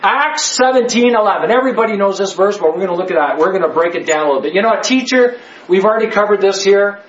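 A man's voice: sits high, animated, fast. A man teaching a Bible study class, emphatic and joking, full of rhetorical questions. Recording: echoey, slightly dull room.

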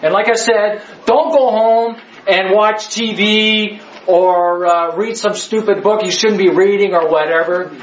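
A man's voice: high-pitched, steady tone, measured pace, hardly any pauses. A man teaching a Bible study class, emphatic and joking, full of rhetorical questions. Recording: echoey, slightly dull room.

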